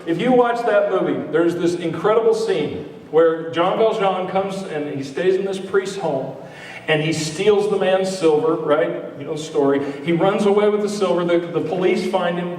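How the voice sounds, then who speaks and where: A man's voice: sits high, moderate pace, a little mellow. A man preaching a sermon as pastor, talking in a loose, conversational way with joking asides to the congregation. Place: church sanctuary. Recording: echoey hall, mic at a distance.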